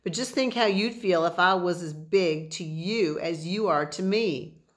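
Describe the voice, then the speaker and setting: A woman's voice: lowish voice, measured pace, lightly acted. A woman voicing a tiny, hungry, grumpy cowboy man with a folksy, complaining way of talking, in a storybook read-aloud. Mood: plain.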